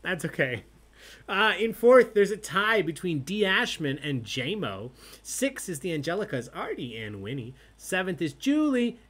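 A man hosting an online trivia night, announcing questions and scores in a loud, playful way. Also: a little high, very animated, normal speed. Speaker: trivia host.

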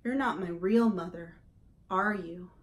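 A woman's voice: fairly low pitch, a little slow, lightly acted. A woman voicing an upset young male gosling who squawks his lines in a whiny, hurt way, reading a storybook aloud. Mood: pleading.

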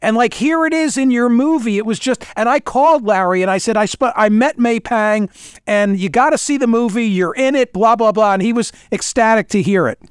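A middle-aged man interviews his guest with eager enthusiasm and quick asides. His voice is high for a man and smooth, recorded close and dry. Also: dry recording. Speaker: show host.

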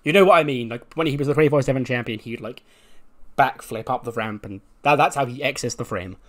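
A man casually narrating a wrestling sim playthrough at a middle pitch. He talks loosely, with plenty of fillers. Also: quick pace. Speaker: game commentator.

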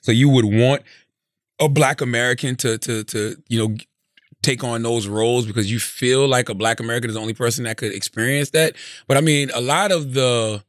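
A man's voice: medium pitch, fairly even intonation, a little fast, no echo. A man co-hosting a casual comedy podcast on a close studio mic, blunt and laid-back, often repeating himself. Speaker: podcast co-host, radio host.

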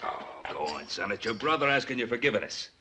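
An older actor playing a stern, fond father of grown sons with a gruff, commanding manner in a 1950s TV western. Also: medium pitch, big pitch swings, fast talker, background noise, close to an everyday voice. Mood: fatherly. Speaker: ranch patriarch.

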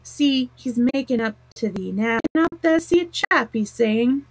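A woman's voice: fairly high pitch, lively intonation, unhurried, low-quality recording. A woman voicing a good-humored country boy with broad dialect words like thee and thou, read aloud as a storybook. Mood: friendly. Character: cheerful country boy who talks to animals.

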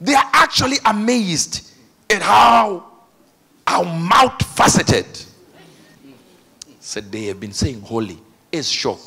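Preacher, male, high and very lively, bright tone, laughs and shouts through the sermon. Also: takes it slowly, vocal fry, pauses often, breathy edge. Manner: animated, laughing, bursts into shouts. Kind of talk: energetic sermon.

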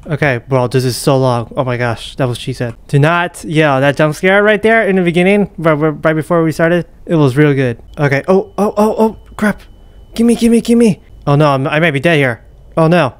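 A young man commentating a horror game as he plays, muttering, whispering and panicking with rapid repeats. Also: a little high, smooth, dry recording. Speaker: gaming YouTuber. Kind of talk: live gameplay commentary.

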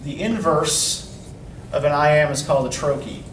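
Unhurried and a little high in pitch, a man lectures his college poetry class, his explanations punctuated by a habitual "right?". He is an English instructor, captured from far off in an echoey classroom with faint noise.

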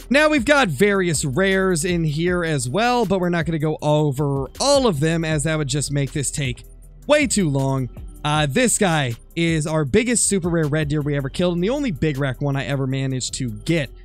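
A man who sounds a little raspy while getting over an illness, chatting easygoingly through a game commentary voice-over with plenty of fillers. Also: fairly high pitch. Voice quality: slightly raspy. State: recovering from illness. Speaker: gaming channel host.

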